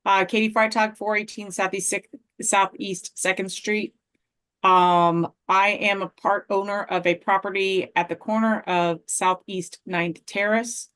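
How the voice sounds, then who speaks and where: A woman's voice: medium pitch, little pitch movement, measured pace, fairly bright tone, clean tone. Woman at a city meeting mic, fed up, earnest complaint about her street. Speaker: resident speaking at public comment. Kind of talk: public comment at a city meeting.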